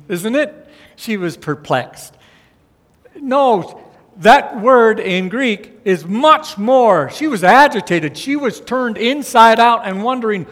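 High-voiced man preaching in a reverberant hall. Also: lively intonation, slow pace, a bit bright. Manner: conversational, checks in with "okay?" and "all right?". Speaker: pastor. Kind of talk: sermon with Bible teaching.

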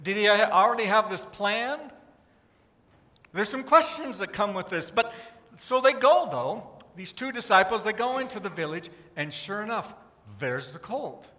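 A pastor preaches with a bright, high-pitched voice. He tells the story in an animated way and acts out the crowd's cries. His voice rings with the long reverb of a church sanctuary. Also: normal speed. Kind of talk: sermon storytelling.

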